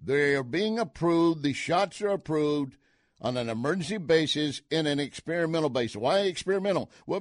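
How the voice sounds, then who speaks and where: A man's voice: a little high, no room sound. An older man hosting a talk radio show, delivering an opinionated monologue with emphatic, punchy asides into a studio mic.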